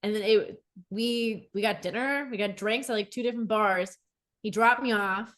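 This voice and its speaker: A woman's voice: medium pitch, normal speed. A woman co-hosting a podcast, telling dating stories in casual chat, laughing often and using lots of fillers. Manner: laughs often, animated storytelling with many fillers. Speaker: podcast co-host.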